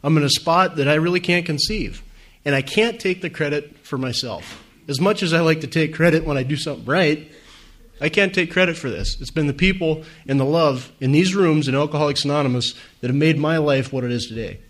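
A man's voice: a little high, fairly quick, a bit bright. Earnest man sharing his story. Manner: earnest, conversational, many fillers. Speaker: speaker at a recovery meeting. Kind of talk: personal testimony to an audience.

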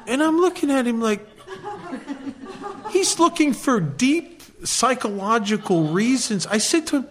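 A man's voice: very high-pitched, animated, a little slow, crowd noise. An American man giving a recovery meeting talk, a wry, self-deprecating storyteller.

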